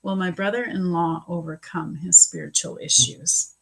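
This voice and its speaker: A woman psychic chats her way through live readings, giggly between answers and teary when she turns serious. Her voice sits a little low and husky. She takes her time with every phrase. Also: fairly bright tone, low-quality recording. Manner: chatty and giggly, slow and emotional in readings. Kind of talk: casual live-stream reading.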